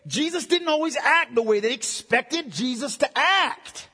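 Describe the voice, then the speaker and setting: A man preaching a sermon as pastor, emphatic, swinging from loud declarations to hushed, intimate passages. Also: very high-pitched, expressive, a little slow, big-room sound.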